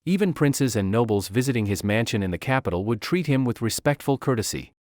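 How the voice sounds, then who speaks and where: A man's voice: mid-range voice, expressive, brisk, darkish tone, no room sound, studio quality. A man narrating a story recap in a dramatic storytelling manner.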